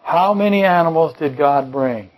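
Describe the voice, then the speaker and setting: A man's voice: on the high side, moderate pace, rough recording. A man preaching a Bible-study sermon, rambling and correcting himself mid-sentence, firing off rhetorical questions and dropping joking asides. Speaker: pastor.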